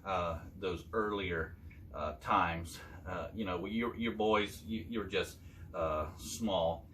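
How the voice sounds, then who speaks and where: An older man telling his son hunting stories from years back, in a halting, casual way with many fillers. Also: low-pitched, fairly bright tone, a little hiss or hum. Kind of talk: casual storytelling chat.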